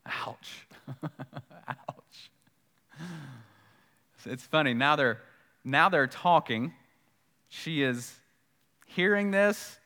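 A man's voice: on the high side, expressive, slow, pauses often, sharp tone, in a large hall. A man preaching a sermon in a conversational way, repeating key points for emphasis and acting out the dialogue of scripture. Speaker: pastor.

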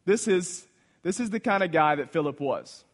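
A man preaching a sermon, swinging between loud exclamations and hushed asides as he retells a Bible story. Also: fairly high pitch, expressive, moderate pace. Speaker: pastor.

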